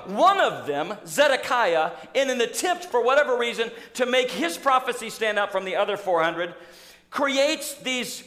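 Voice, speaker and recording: A man preaching a sermon in a church, telling a story in an animated, acting-out way. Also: very high voice, normal speed. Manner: storytelling, animated, acts out scenes. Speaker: pastor. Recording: echoey church hall.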